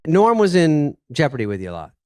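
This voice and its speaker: Lively man hosting interview. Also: on the high side, fairly quick, background noise. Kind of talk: casual interview chat.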